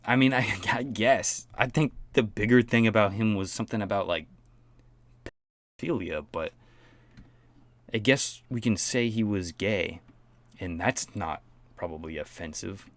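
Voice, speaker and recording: A man's voice: fairly low pitch, measured pace, pauses often, no echo. A man giving mocking, profane commentary on a pop star. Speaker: commentary host. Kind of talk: sarcastic commentary.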